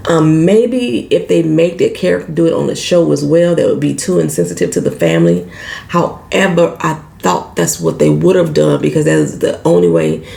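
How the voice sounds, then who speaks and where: An animated woman talks through a TV episode in a loose, salty vlog. She swears freely and slips into the characters' lines as she goes. Her pitch swings widely and her voice is heavy with gravelly fry. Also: moderate pace. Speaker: TV show recap vlogger. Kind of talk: casual show recap.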